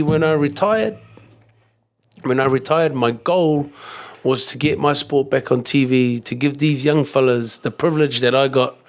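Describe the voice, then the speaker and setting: A middle-aged man with a New Zealand accent tells stories in a casual podcast chat, his voice gravelly and set a little high. He rambles and grows animated, swearing now and then and putting on the voices of people he meets. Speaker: kickboxing champion and coach, guest. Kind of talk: casual storytelling interview.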